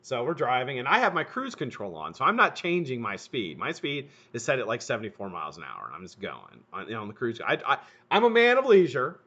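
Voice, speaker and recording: A middle-aged man hosting a live stream, telling a profane, animated story while he works. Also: mid-range voice, brisk, few pauses, slightly rough. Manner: animated, profane, laughs at his own story. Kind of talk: casual storytelling while building coils. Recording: dull lo-fi stream audio.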